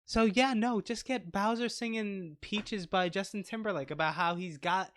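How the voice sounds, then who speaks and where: A man's voice: high-pitched, normal speed, fairly bright tone. Playful male movie podcast co-host. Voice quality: playful, rambling, self-interrupting. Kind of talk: casual movie podcast chat. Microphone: lavalier microphone.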